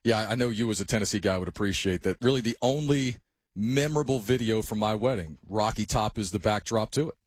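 A man in a casual chat, rattling off his stories at a rapid clip with eager energy. His voice is lowish and husky. The sound is dry and close. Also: dry recording. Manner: rapid, enthusiastic storytelling.

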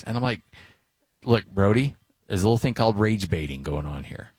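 A man's voice: fairly low pitch, animated, moderate pace, husky, no room sound. A middle-aged man hosting a sports talk show, telling stories in a casual, rambling way with lots of filler words. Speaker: sports radio host.

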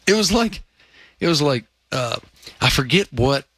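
A man who is a guest on a sports talk show, telling animated anecdotes with many fillers. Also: a little high, a little slow, no echo. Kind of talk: casual sports chat.

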